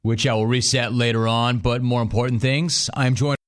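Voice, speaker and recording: A man's voice: mid-range voice, fairly even intonation, moderate pace, very noisy. A middle-aged male sports radio host delivers a studio monologue. He is emphatic and sardonic. He drives his points home through repetition.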